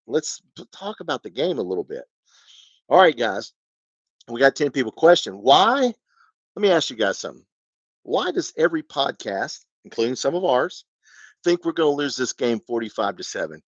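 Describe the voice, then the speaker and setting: A man's voice: mid-range voice, very animated, normal speed, slightly rough, no echo. Ranting man on a dull dry mic. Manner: ranting, rambling, rhetorical questions. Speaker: fan channel host. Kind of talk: live-stream sports rant.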